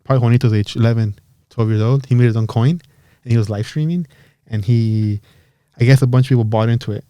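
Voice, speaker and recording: A man's voice: mid-range voice, fast talker, clear, resonant tone, no room sound. A young man from Los Angeles co-hosting a podcast, telling stories in casual, profane chat and acting out quotes. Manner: profane, animated storytelling with acted-out quotes. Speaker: podcast co-host.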